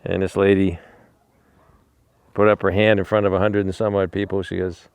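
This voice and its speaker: Animal rescuer, male, smooth mid-pitched voice, rambling storyteller who stumbles over his words, dry close sound. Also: flat delivery, moderate pace, long pauses, darkish tone, dry recording. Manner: rambling, repeats and restarts words; talks fondly to a dog. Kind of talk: casual storytelling while feeding a dog.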